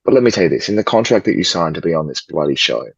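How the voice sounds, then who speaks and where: A man co-hosts a football podcast in casual banter, cheeky and mock-pompous, and swears freely. His voice sits very low and has a husky grain. The recording is dull and lo-fi on a home mic, with a dry sound. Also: big pitch swings, racing, dry recording. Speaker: podcast co-host.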